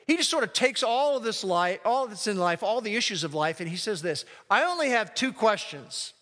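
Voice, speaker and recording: A man preaching a sermon as a pastor, emphatic and slowing down to read scripture aloud. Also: high voice, fairly bright tone. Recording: long hall reverb.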